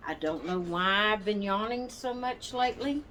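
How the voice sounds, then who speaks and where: A woman with a mid-range, expressive, slightly bright voice hosts her doll channel while sitting in a rocking chair at home. She chats casually but slowly, apologizing, rambling, and groping for words, over slight background noise.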